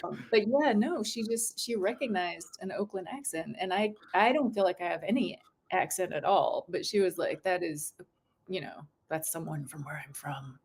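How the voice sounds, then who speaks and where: A middle-aged American woman in casual conversation as a guest author, chatty and quick to laugh, often breaking off and restarting. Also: lowish voice, darkish tone, slightly rough. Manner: chatty, laughing, self-interrupting.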